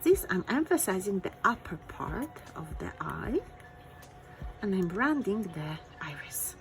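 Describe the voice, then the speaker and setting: Gravelly-voiced woman teaching drawing. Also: medium pitch, big pitch swings, a little slow, over music, poor audio. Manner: encouraging, thinking aloud while drawing. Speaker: art teacher. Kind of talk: step-by-step drawing lesson.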